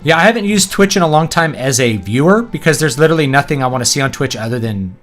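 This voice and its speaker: A man's voice: mid-range voice, animated, quick pace, fairly bright tone, faint music behind. A man from East Texas chatting casually while playing a video game, rambling from topic to topic and laughing often. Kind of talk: casual gameplay commentary.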